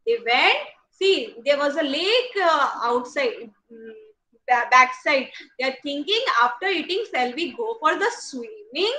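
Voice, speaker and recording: A woman's voice: high voice, measured pace, poor audio. A woman with an Indian English accent, telling a story and asking questions as a nursery teacher. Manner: animated, acts out sneezes and sounds, asks kids questions. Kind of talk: storytelling to young children in an online class.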